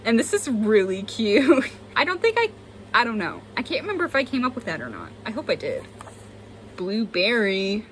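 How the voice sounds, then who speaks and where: With a slightly high voice at a moderate pace, a young vlogging artist walks viewers through her old sketchbook, animated, talkative and mocking her own work. A faint hiss or hum sits under the recording.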